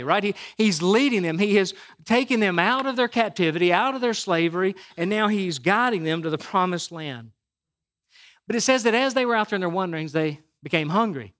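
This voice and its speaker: A man with a high, slightly bright voice preaches a sermon as pastor. He talks loosely and conversationally, often restarting, repeating words, and asking the congregation "right?"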